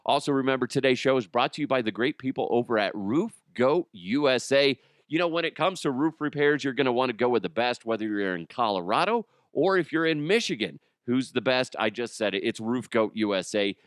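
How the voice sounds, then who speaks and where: A man hosting a comedy podcast, talking in a rambling, jokey way and slipping into quick impressions. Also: mid-range voice, lively intonation, clean tone, dry recording, clean studio sound. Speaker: podcast host. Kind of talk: casual comedic monologue.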